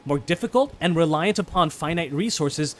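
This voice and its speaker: A man hosting a let's play, chatting casually about the game he plays, excitable, swearing and restarting his sentences. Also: on the high side, moderate pace, a little hiss or hum. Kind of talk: casual gameplay chat.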